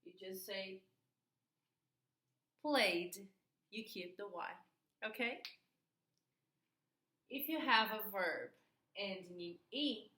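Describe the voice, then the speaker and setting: A woman teaching an English grammar lesson, slow and patient, repeating key words, a native Portuguese speaker. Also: mid-range voice, sharp tone, echoey room.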